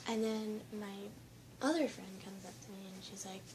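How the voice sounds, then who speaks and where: A teenage girl shakily retelling a frightening school lockdown in a rambling personal vlog, at times quiet and at times loud. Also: medium pitch, normal speed, a little hiss or hum, rough recording. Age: teens. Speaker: student.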